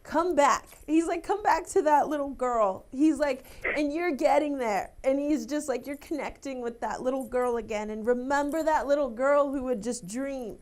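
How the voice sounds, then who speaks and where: A woman's voice: high voice, normal speed, hardly any pauses, darkish tone. A young woman working as a psychic medium, relaying messages emotionally, laughing and close to tears. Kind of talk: live TV psychic reading.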